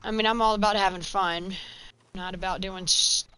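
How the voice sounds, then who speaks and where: A woman's voice: medium pitch, fairly even intonation, moderate pace, sharp tone, a little hiss or hum, rough recording. A woman streaming a Western video game, chatting in a rambling, frank way as she plays. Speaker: gaming streamer. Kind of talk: casual let's-play chat.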